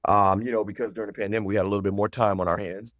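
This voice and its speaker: A man's voice: on the low side, fairly even intonation, rapid-fire, fairly bright tone, no echo, lo-fi sound. A man, an actor, answering as an interview guest, speaking earnestly and repeating phrases as he gives advice. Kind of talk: casual interview chat.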